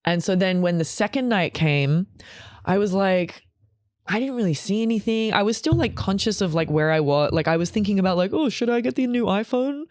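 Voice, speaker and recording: A woman's voice: on the low side, a little fast, a little mellow, no room sound, studio quality. Profane rambling woman telling a story. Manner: rambling, profane, emotional, many restarts. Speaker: comedian guest. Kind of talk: candid storytelling chat.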